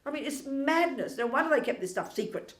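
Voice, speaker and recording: A woman's voice: sits high, fairly quick. Emphatic woman teacher in an echoey hall. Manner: animated, emphatic, provocative and ironic. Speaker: Buddhist teacher. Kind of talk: dharma teaching. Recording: echoey room.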